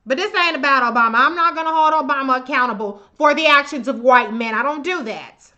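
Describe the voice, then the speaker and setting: A livestream host talks a little fast in a high-pitched voice that's pushed and bright, with the highs cut off in the recording. In her live political commentary, she greets viewers by name and rants profanely, with open contempt.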